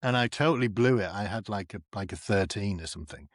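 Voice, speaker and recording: A man from North East England, a comedian and actor chatting as a guest and acting out the people in his stories with big leaps in pitch. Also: quick pace, no room sound, studio quality. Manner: animated storyteller who acts out quoted people with big pitch jumps. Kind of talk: casual chat.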